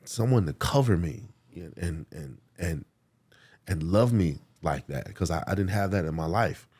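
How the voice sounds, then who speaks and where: Deep-voiced man in his forties, earnest storyteller with lots of fillers, on the verge of tears. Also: lively intonation, darkish tone, breathy edge. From United States. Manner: earnest, halting, many fillers and restarts. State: emotional, near tears. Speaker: guest. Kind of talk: emotional personal storytelling.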